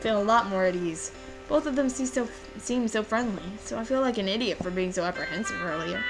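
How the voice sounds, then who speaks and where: A young woman hosting a let's play, reading the game's lines aloud and chatting in an animated, giggly way. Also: mid-range voice, low-quality recording. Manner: animated, giggly, drawn-out sign-off. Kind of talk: reading game text aloud and casual commentary. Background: game music.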